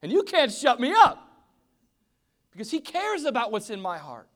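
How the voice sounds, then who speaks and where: A man voicing a desperate blind man who pleads and builds to shouting. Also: high-pitched, wildly swooping pitch, a little slow, voice pushed up, heavily acted. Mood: defiant pleading.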